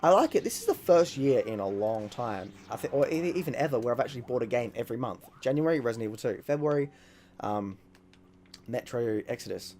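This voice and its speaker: A man talking casually over a video game he is playing, excitable and rambling, swearing often. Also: mid-range voice, brisk, slight background noise. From Australia. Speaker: gaming YouTuber. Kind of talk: casual let's-play commentary.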